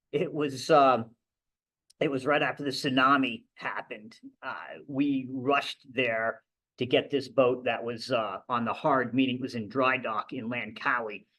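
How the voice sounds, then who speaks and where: Middle-aged man, captain giving a library talk, storytelling, mid-pitched voice. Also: a bit bright, dull audio. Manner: conversational storytelling with restarts. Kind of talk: anecdotal lecture. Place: library event room.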